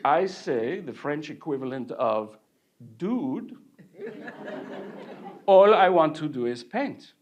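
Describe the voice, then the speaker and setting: A man's voice: on the high side, expressive, takes it slowly, pauses often, darkish tone. An actor playing an exuberant French painter, telling his life story to a live audience in a village hall and joking with them. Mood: playful. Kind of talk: live one-man character performance.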